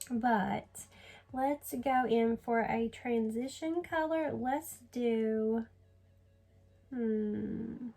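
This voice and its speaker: A woman's voice: on the high side, darkish tone, low-quality recording. A woman filming a casual makeup tutorial at home, chatty and sleepy, yawning and apologizing as she talks. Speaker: beauty vlogger.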